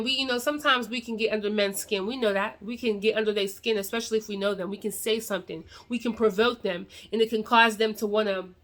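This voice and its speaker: Bright-voiced woman giving earnest life advice. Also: medium pitch. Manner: earnest, preachy, addresses viewers directly. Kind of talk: casual talk to camera.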